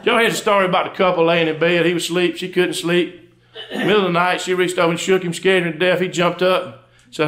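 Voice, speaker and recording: Fast-talking Southern undertaker comic. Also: male voice, on the high side, steady tone, fairly bright tone. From Georgia, USA. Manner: folksy drawl, quick storytelling, acts out both spouses in dialogue. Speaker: comedian and undertaker. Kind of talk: live stand-up storytelling. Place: live stage before an audience.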